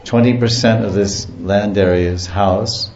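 Man, devotional teacher, very slow delivery, echoey muffled recording. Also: lowish voice, fairly even intonation, darkish tone, slight background noise. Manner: slow, storytelling, lists and chuckles. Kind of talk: devotional lecture and property tour. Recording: echoey muffled room with faint ambience.

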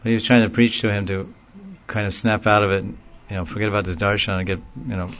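A man's voice: on the low side, fast talker. Rambling man telling a story, lo-fi. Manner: rambling, laughs often, animated when quoting others. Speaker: speaker recounting a story in a class. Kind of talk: informal storytelling talk.

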